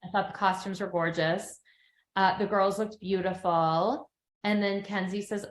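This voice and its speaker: A woman's voice: mid-range voice, measured pace. Chatty middle-aged woman in an echoey room. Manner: chatty storyteller, acts out quotes with animated voices. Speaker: podcast co-host. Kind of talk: casual chat recapping a TV episode.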